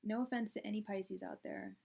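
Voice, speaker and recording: A woman's voice: medium pitch, steady tone, a little fast, creaky, mellow, slightly rough. A young woman doing a live-stream tarot reading, chatty and blunt, talking straight to her viewers. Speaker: tarot reader.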